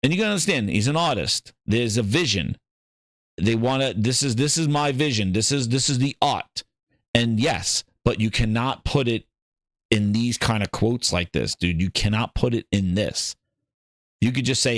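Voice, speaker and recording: A man's voice: medium pitch, measured pace, no echo, clean studio sound. A man hosting a gaming podcast, ranting in casual commentary and repeating his points. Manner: ranting, animated, repeats himself. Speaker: podcast host.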